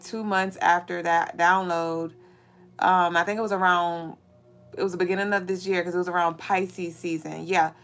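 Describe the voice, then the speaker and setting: A woman's voice: lowish voice, gravelly, fairly bright tone. A woman hosting a spiritual show, talking casually and candidly to viewers, swearing freely while holding back tears. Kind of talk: casual venting monologue to viewers.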